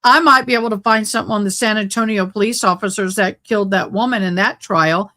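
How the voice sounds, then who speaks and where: A woman with a sharp, medium-pitched voice talks quickly while hosting a casual YouTube livestream, ranting in agitated bursts. The setting is a home room with sunlight through the window, and she uses a close desk mic.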